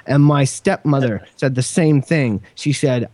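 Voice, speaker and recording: A man hosting a podcast, talking earnestly and at length, with halting restarts and casual swearing. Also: medium pitch, mellow, no echo. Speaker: podcast host.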